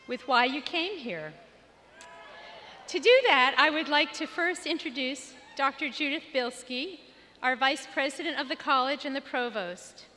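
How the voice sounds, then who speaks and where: A woman reads prepared introductions at a graduation ceremony in a formal manner. Her voice is high and bright. It carries the long reverb of a large hall. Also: a little hiss or hum. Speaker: ceremony presenter.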